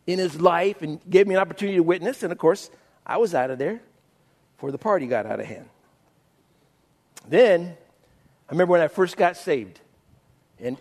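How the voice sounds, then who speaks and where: A middle-aged male pastor preaching a sermon in a conversational storytelling way, with self-mocking humor. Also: on the high side.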